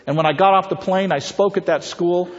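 A man delivers a persuasive talk, moving between stories and rhetorical questions aimed at his listeners. His voice sits slightly high for a man. The recording is muffled and lo-fi, with a long reverb trailing each phrase. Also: a little fast. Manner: rhetorical, storytelling, puts questions to the audience. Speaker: pro-life speaker. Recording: reverberant, dull lo-fi hall recording.

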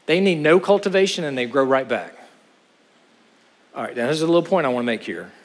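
Middle-aged male preacher, higher voice, lively and joking, recorded in a big echoing hall. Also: a little fast. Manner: animated, joking asides, rhetorical questions. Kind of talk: sermon. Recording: hall with long reverb.

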